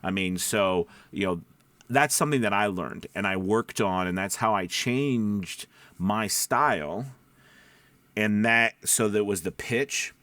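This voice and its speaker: A man, a voice-over actor, giving casual advice that drifts off topic and back, speaking low from the back of his throat. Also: fairly bright tone, dry recording. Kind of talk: casual advice talk to camera. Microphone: studio microphone.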